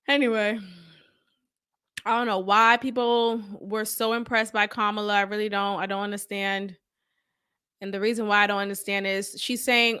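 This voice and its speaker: A woman's voice: on the high side, moderate pace, bright, forceful tone, clear, resonant tone. A woman hosting a podcast, talking casually with a blunt, sarcastic edge and plenty of swearing. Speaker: podcast host.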